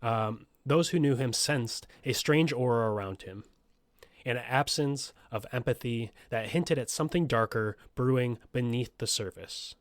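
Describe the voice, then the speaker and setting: A man's voice: medium pitch, measured pace, no room sound, clean studio sound. A man hosting a true crime podcast, reading a script and breaking off into joking, profane asides. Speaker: podcast host.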